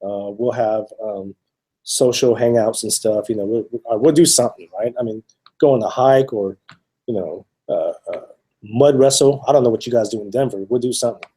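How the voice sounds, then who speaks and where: A man's voice: fairly low pitch, a little fast. A man co-hosting a casual podcast, rambling with many fillers and restarts and telling stories with acted-out quotes. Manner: animated storytelling with acted-out quotes. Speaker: podcast co-host.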